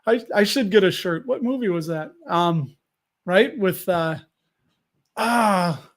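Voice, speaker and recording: Casual stream host, man with a high voice, loose and rambling, talks back to his chat. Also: lively intonation, unhurried. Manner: rambling, restarts sentences, answers viewers.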